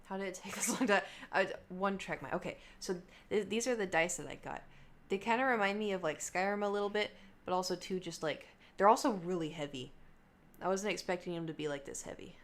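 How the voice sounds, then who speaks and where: A woman's voice: medium pitch, brisk. A young adult woman livestreaming, chatting casually and rambling between topics with her viewers. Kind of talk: casual chat to stream viewers.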